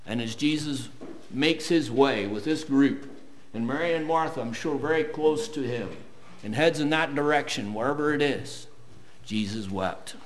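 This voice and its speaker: A man preaching a sermon, reading scripture slowly and building to loud, emphatic points. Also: mid-range voice, slight background noise. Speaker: pastor.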